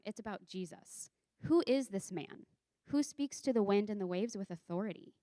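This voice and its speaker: A woman's voice: mid-range voice, no room sound. A woman youth leader preaching a sermon in a conversational, emphatic way, often asking rhetorical questions.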